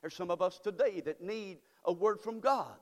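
A man's voice: high voice, moderate pace. A man preaching a sermon as pastor, fervent and repetitive, drawing call-and-response from the congregation. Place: church sanctuary. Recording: long church hall reverb.

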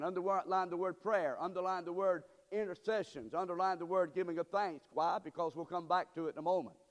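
A man preaching a sermon as pastor, swinging between calm teaching and sudden loud, emphatic bursts. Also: sits high, in a large hall. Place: church sanctuary.

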